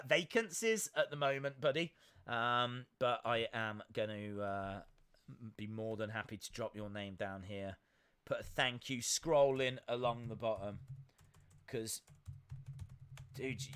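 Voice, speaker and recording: A young man with a fairly high, bright, tense-edged voice hosts a casual live stream. He rambles through his thoughts with many "um"s and restarts. He reads out viewer comments and thanks each one. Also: clean tone.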